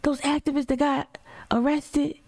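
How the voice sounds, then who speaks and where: A woman's voice: sits high, little pitch movement, a little slow, gravelly, darkish tone, no room sound, clean studio sound, pitched above the performer's own voice. A woman imitating her older mother, a blunt, suspicious woman with a thick North Carolina accent. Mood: questioning.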